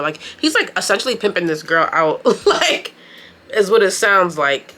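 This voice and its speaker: Woman vlogger, bright and forceful tone, casual slangy recap talk over a makeup session. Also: mid-range voice, measured pace. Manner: chatty, slangy, expressive. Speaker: beauty and anime vlogger. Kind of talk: casual recap commentary while doing makeup.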